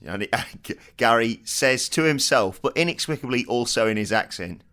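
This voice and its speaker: A man playing a tabletop game who talks slowly and keeps breaking into giggles. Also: medium pitch, animated, bright, forceful tone. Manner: giggly, slow-spoken. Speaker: player. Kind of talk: tabletop role-play.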